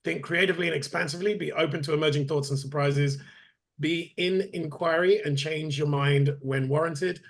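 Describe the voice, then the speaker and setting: A man with a husky, slightly high voice reads a list of group guidelines aloud on a video call. He stays steady, with dry, deadpan asides between the lines. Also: normal speed. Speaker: committee member.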